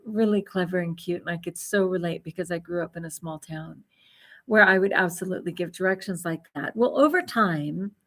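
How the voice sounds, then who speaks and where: Woman, middle-aged, casual livestream chat, rambling, laughs a lot, mid-pitched voice. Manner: chatty and rambling, laughs often. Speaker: vlogger.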